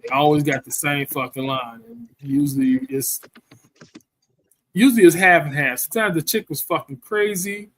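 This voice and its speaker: Speaking at normal speed with lively intonation, a man with a slightly higher, fairly bright voice tells a loose, profane, rambling story. He keeps dropping "you know what I'm saying" between thoughts, and the close, dry sound has no echo or room around it.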